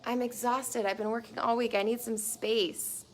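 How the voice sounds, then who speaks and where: A woman mimicking an exhausted boyfriend who wants space, in a weary, drawn-out, sighing voice. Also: a little high, steady tone, lightly acted. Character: tired, irritable boyfriend craving space.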